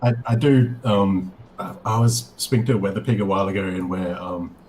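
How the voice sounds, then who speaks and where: Aussie guy guesting on a live chat, lowish voice, lots of ums, clear hiss behind him. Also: fairly even intonation, fairly quick. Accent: Australian. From Australia. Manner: hesitant, many fillers and restarts. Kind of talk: casual chat.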